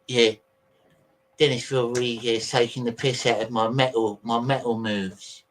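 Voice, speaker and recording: A livestream host with a mid-range voice and little pitch movement talks at a measured pace. He rambles chattily to his viewers, swearing freely, while sorting out videos on his computer in a casual stream.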